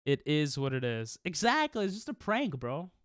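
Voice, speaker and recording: Chatty, animated young-sounding male streamer. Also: a little high, normal speed, clear, resonant tone, no echo, clean studio sound. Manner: defensive, laughing, rambling with restarts. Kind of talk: casual chat with stream chat while gaming.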